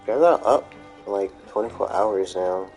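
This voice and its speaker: Sleepy guy streaming a game, talks slow and mumbles, bit of music in back. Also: fairly low pitch, darkish tone, rough recording. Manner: mumbling, trails off, wry asides. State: tired. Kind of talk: casual gameplay commentary.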